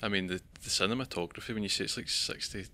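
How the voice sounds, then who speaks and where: A man's voice: lowish voice, very fast, sharp tone. A Scottish man co-hosting a podcast, chatting casually and rambling about a film he watched. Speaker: podcast co-host. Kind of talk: casual film review chat.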